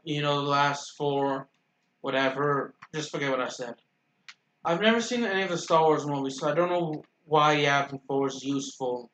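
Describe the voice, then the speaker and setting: A man talking his way through a video game in loose, rambling commentary, stumbling over his words and taking things back as he goes. His voice sits a little high for a man and rings with a roomy echo. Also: a bit bright. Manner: rambling, self-correcting, stutters. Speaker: gaming YouTuber. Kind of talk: casual gameplay commentary.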